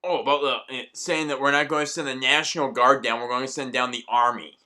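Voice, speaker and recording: A man's voice: mid-range voice, fairly even intonation, fairly quick, pushed and bright. A man delivering an angry, profanity-laced ranting monologue as a vlogger.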